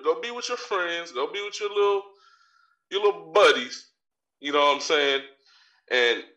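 A man's voice: a little high, sharp tone, far from the mic. A man ranting in profane, trash-talking commentary as a podcast co-host, often stumbling over and repeating his words. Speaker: podcast co-host with a wrestling segment. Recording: echoey room, voice off-mic.

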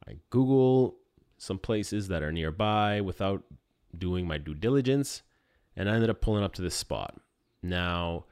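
A man in his thirties hosting a podcast, telling a personal story in a casual, animated and self-deprecating way. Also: low voice, no room sound, studio quality.

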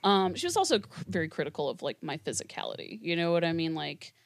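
A woman guest on a podcast talks in a casual, candid way and cracks jokes as she goes. Her pitch sits a little low but jumps around animatedly. The sound is close and dry, with no room echo. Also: expressive, fast talker. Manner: candid and jokey, laughs often. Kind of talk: casual chat.

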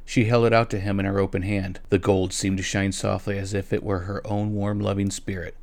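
A man narrating a story aloud in a gentle way, at times speaking directly to his listeners. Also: deep voice, level tone, a little fast, vocal fry, dry recording. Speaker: reader.

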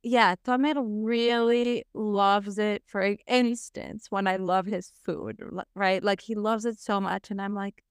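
A woman's voice: medium pitch, steady tone, a little slow, hardly any pauses, clear, resonant tone, no echo, studio quality. A woman hosting a podcast, chatting casually in a playful, giggly way. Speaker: podcast host.

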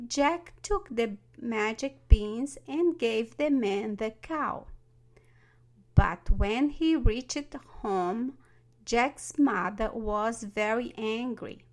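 A woman tells a children's fairy tale in an unhurried storybook voice. She reads at a very slow, deliberate pace, and her voice sits a little higher than most women's. Every line comes out even and careful. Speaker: narrator. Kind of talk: storybook narration.

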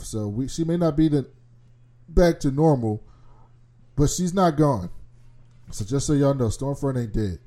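Mellow-voiced man recapping casually. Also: medium pitch, unhurried, pauses often. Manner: animated storytelling, swears freely.

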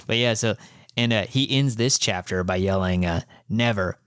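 A man with a fairly low voice talks through a manga chapter in a loose, rambling podcast chat. He leans on fillers and swears casually. The sound is dry and close, with no room around it. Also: moderate pace, a bit bright, clean tone, no room sound. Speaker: podcast co-host.

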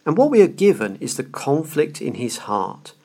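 A man's voice: on the high side, very animated, normal speed, gravelly, dark tone, husky. Earnest man explaining a classic novel. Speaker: podcast host. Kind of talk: literary lecture podcast.

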